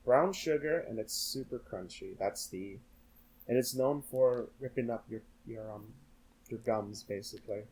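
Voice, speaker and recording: Husky-voiced hesitant man, podcast guest. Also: medium pitch, measured pace, darkish tone, rough recording. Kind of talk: casual chat.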